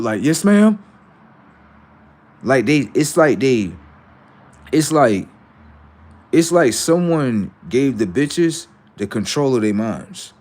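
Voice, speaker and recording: A man talking casually on a livestream, with a middle-pitched voice. He rambles, curses and repeats himself, needling his chat. He slides from low mutters into loud, slow taunts. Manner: rambling, profane, repetitive, taunting the viewers. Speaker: livestream host.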